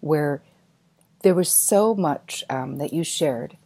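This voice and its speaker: A middle-aged woman hosting an interview, telling a lively personal story in a chatty, animated way. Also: sits low, takes it slowly, slightly rough, no room sound. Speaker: podcast host.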